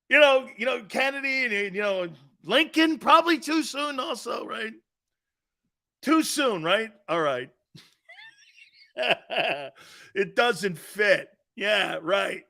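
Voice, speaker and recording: A man hosting a live sports talk show, loud, joking and blunt, laughing often. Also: sits high, creaky. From lives in Florida.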